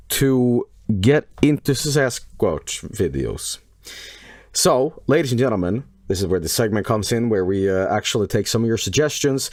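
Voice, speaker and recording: A male streamer reacting to videos live. He jokes, laughs loudly and breaks into exclamations. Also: mid-range voice, no room sound, clean studio sound. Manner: loud laughing outbursts, joking and exclaiming.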